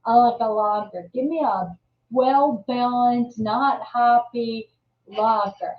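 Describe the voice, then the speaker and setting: Woman host, slow and meandering, a bit high, on dull lo-fi audio. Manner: rambling, many restarts and fillers. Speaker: live show host. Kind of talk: casual live-stream chat. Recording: roomy, distant, dull audio.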